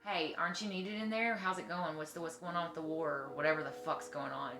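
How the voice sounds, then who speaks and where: A woman's voice: sits low, steady tone, fast talker, over music. A woman streamer chatting casually at home, swearing freely and oversharing. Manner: profane, oversharing. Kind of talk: casual chat.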